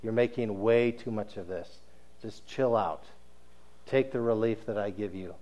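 A man voicing a sly, coaxing male tempter spirit in a soft, lowered, persuasive tone during a sermon. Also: very animated, slow.

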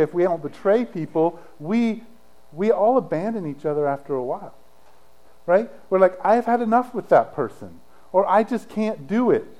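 A middle-aged pastor delivers a sermon in a relaxed, conversational style, his fairly high voice swinging dramatically between emphatic and hushed as he tells the story. The recording sounds muffled.

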